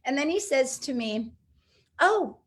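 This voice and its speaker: A middle-aged woman telling a personal story as an interview guest, lively and acting out the people she quotes. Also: a little high, moderate pace. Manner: animated, acts out quoted voices.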